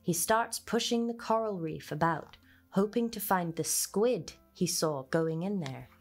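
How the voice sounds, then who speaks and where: Slow, expressive storybook reader, woman. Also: on the low side, faint music behind. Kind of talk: reading a children's book aloud.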